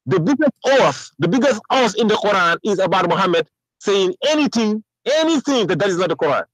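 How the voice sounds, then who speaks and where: Fast, insistent male debate caller. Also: sits high, lively intonation, no echo, rough recording. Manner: insistent, talks over the other speaker. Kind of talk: heated call-in debate.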